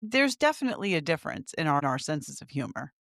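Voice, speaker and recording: Woman co-host, low voice, emphatic, dry close sound. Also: quick pace, vocal fry, dry recording. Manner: opinionated, emphatic, animated. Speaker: podcast co-host. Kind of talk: casual chat.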